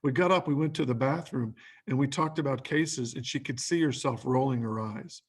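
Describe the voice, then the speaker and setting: A man's voice: medium pitch, normal speed, slightly rough. A man giving a training lecture who talks in lists of short questions and acts out quoted lines.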